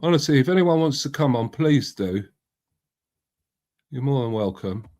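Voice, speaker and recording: A man's voice: medium pitch, expressive, moderate pace, a little mellow. Middle-aged man, casual live-stream host, rambling, matey, swears. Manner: chatty, rambling, swears freely, greets viewers by name. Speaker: livestream host. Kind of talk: casual live-stream chat reading out comments.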